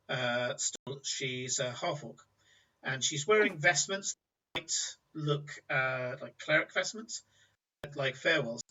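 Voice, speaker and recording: A man's voice: on the high side, sharp tone. A man narrating a tabletop game as game master, with vivid descriptive storytelling, on a distant, muffled recording.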